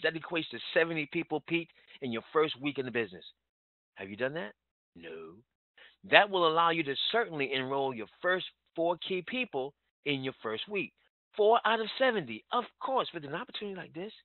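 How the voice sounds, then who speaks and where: A man's voice: fairly high pitch, no echo. Emphatic male sales trainer on a tinny line. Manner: emphatic, repetitive, urgent. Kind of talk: motivational business training talk. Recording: tinny phone-like line, dry.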